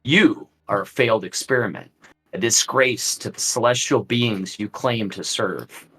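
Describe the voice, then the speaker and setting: A man's voice: mid-range voice, big pitch swings, moderate pace, fairly bright tone, slightly rough, rough recording. A man voicing a scornful aristocratic male vampire lord, speaking in a cold, mocking, theatrical way. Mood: contemptuous.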